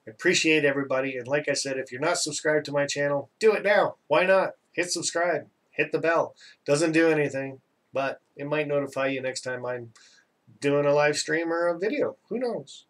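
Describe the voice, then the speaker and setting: A man's voice: fairly high pitch, moderate pace, fairly bright tone, far from the mic. A Canadian man hosting a casual live stream, chatting in a rambling, self-teasing way and reading out viewer comments.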